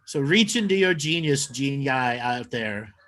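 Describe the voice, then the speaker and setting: A man's voice: mid-range voice, lively intonation, unhurried, fairly bright tone. Dry, matter-of-fact man co-hosting. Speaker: co-host. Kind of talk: live comedy talk show.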